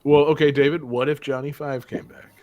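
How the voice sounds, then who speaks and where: A man's voice: a little high, steady tone, brisk, darkish tone. A man hosting a game show podcast, chatting casually with lots of fillers, jokey asides and swearing.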